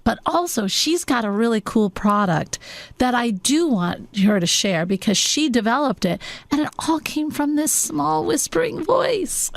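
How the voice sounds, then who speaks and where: Gravelly-voiced woman hosting a talk show. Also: a little high, sing-song, unhurried. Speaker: host.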